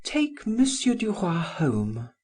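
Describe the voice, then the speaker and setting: A trembling married woman, put on by a male narrator refuses in high, shaky tones. Her pitch climbs far above the reader's usual voice, with a slightly raised level. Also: huge pitch swings, takes it slowly, a little mellow, breathy edge, exaggerated voice. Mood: distressed. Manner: high, tremulous, protesting.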